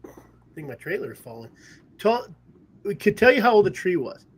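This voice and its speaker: A man's voice: high-pitched, very animated, normal speed, slightly rough. A man hosting a podcast, telling rambling stories in casual chat and laughing often. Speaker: podcast host. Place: at home in a trailer.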